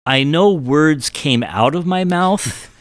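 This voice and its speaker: A middle-aged guitar builder, guest in a casual chat, tells a rambling, self-deprecating story in a slightly high, slow voice on a dry recording. His anecdotes are animated, and he acts out what people said.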